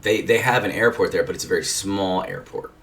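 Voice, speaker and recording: A man's voice: low-pitched, brisk, fairly bright tone. A man quoting a friendly young bartender. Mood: helpful. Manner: helpful, explaining. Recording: distant mic with faint noise.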